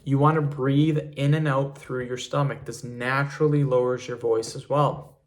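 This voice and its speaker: A man's voice: medium pitch, steady tone, moderate pace. Man casually giving voice tips. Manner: easygoing, repeats words like "literally" and "really". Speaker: online creator giving tips. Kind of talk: casual talking-head tutorial.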